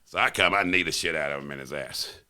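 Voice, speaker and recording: A man, a podcast guest, telling stories in a casual, animated way and acting out the quotes. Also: very deep voice, fast talker, clean tone. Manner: animated, laughing storyteller who acts out quotes. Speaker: podcast guest, former strip club bouncer. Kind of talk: casual storytelling.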